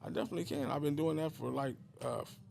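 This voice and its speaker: Gravelly middle-aged guy rambling thru his story, lots of ums and you-know's. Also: fairly high pitch, fast talker, darkish tone, slight background noise. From Richmond, California. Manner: rambling, many fillers and restarts. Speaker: guest. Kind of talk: casual storytelling interview.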